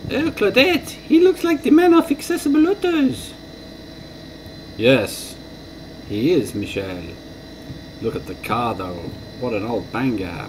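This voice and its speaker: A man voicing a gossipy French woman who loads cars onto a train, in a high falsetto with a mock French accent. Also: a little hiss or hum, low-quality recording. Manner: chatty, teasing.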